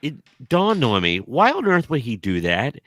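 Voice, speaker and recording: A man co-hosting a comedy podcast, joking and acting out quotes in an animated way. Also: mid-range voice, normal speed, no room sound. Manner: animated joker, acts out quotes. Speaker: podcast co-host. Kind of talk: casual chat.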